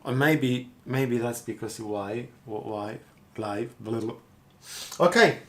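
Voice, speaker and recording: Guy chatting slow on a live stream, talks to himself a lot, repeats stuff, middle pitch. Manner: rambling, thinks aloud, repeats words. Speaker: street artist streaming live. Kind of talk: casual live-stream chat.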